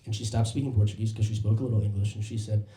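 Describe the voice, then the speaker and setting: A man doing a stand-up comedy set, telling animated stories and slipping into voiced impressions. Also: fairly low pitch, racing, reverberant, slight background noise. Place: comedy club stage.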